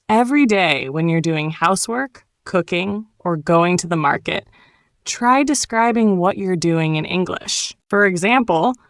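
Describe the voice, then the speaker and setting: A woman giving a scripted, encouraging English lesson in a calm, clearly enunciated way. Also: lowish voice, unhurried, no room sound, clean studio sound. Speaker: English teacher. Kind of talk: scripted motivational narration.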